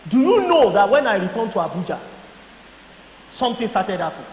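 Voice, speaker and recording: A Nigerian man telling a lively personal testimony to a church audience, acting out both sides of his conversations, at times laughing and shouting. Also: sits high, brisk. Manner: storytelling, acts out dialogue, laughs and shouts. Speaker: guest speaker. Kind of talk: animated testimony talk. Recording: echoey hall with faint noise.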